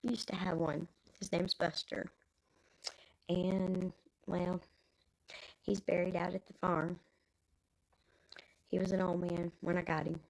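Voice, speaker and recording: A woman's voice: fairly low pitch, fairly even intonation, measured pace, vocal fry, pauses often, darkish tone, poor audio. A Texan woman in her fifties with grandkids, rambling casually in folksy talk as a live stream host. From Texas.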